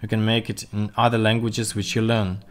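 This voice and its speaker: A man teaching a livestreamed vocabulary lesson, slowly modelling pronunciation and repeating sounds for his students. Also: fairly low pitch, completely flat delivery. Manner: slow, careful, demonstrates pronunciation by repeating sounds. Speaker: language teacher. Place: home room, streaming. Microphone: computer mic on a livestream.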